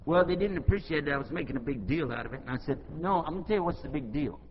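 An American man preaches to a gathering, retelling a run-in with animated voices for each character. His voice sits a little high, and it carries in a big reverberant hall. The recording is dull and lo-fi, with faint noise underneath. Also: rapid-fire. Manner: animated, acts out both sides of dialogue. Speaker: Islamic preacher. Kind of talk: storytelling talk to an audience.

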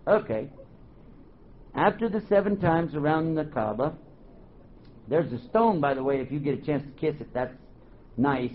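A man giving a religious lecture to a live audience, animated, quizzing the crowd and joking. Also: fairly high pitch. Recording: dull lo-fi recording, faint hiss.

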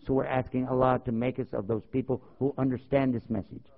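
A man preaching a sermon, animated and full of rhetorical questions, acting out stories. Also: medium pitch, brisk, vocal fry. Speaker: Muslim preacher. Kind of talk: sermon with storytelling. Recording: dull lo-fi tape.

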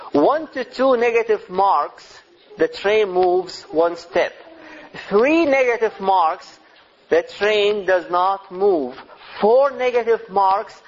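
A middle-aged man giving a religious lecture on parenting, speaking deliberately and asking his listeners rhetorical questions. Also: high voice, slight background noise. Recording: slightly dull lo-fi recording.

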